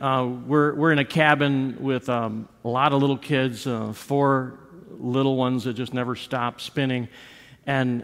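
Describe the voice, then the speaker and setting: Pastor preaching in a reverberant church. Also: male voice, mid-range voice, a bit bright. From United States. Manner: conversational, with frequent restarts and repeated words; acts out quoted lines with rises and drops in voice. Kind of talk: sermon. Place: church sanctuary. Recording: long reverb of a church sanctuary.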